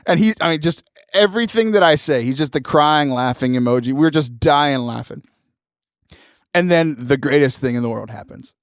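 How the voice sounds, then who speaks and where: Animated man telling a story. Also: fairly high pitch, moderate pace, no echo, clean studio sound. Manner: animated, laughing often, mimics voices in anecdotes. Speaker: podcast host. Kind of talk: casual storytelling.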